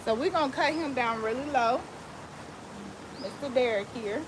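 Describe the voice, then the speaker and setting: A woman's voice: high voice, normal speed. A woman barber chatting playfully with viewers and her dog while cutting hair, talking into a phone outdoors. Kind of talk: casual live-stream chat while cutting hair. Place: outdoor deck, windy. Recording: outdoor wind and ambient noise.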